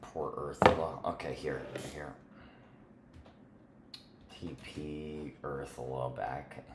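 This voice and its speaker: A man hosting a casual gaming livestream, playfully teasing and bantering with other players, drifting between sing-song chatter and soft murmuring. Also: extremely low pitch, steady tone, takes it slowly. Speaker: livestream host. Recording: roomy echo with faint background noise.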